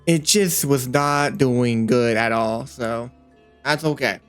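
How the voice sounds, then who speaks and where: Loud music plays under a 3D animator and creator as he narrates his work session slowly in a medium-pitched voice. Playful and easily excited, he thinks aloud casually, rambling with many fillers.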